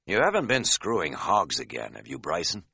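A man's voice: on the low side, very animated, moderate pace, bright, forceful tone, no echo, clean studio sound, full character voice. A man voicing a crude, joking middle-aged male hiker who is folksy and pleased with his own quips, in an audiobook. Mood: teasing.

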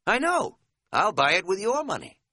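A cheerfully self-assured middle-aged hiking buddy, voiced by a man reading an audiobook talks with blunt, earnest bluster. His voice is bright and swings freely up and down. The sound is close and dry. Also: high voice, huge pitch swings, normal speed, slightly rough, no echo, voice pushed up, heavily acted. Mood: breezy. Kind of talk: audiobook character dialogue.

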